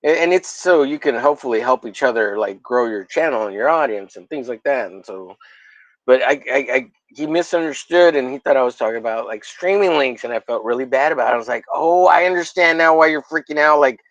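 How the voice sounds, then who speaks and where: A man's voice: medium pitch, animated, brisk, dry recording, muffled recording. A man hosting a livestream in casual chat, rambling and swearing, with mock-angry jokes. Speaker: livestream host.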